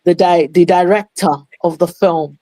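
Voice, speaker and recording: A woman's voice: on the low side, moderate pace, dry recording, rough recording. Woman telling a story with animation. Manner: animated storyteller mixing English with Yoruba phrases. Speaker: interview guest, playwright and promoter. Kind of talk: casual storytelling interview.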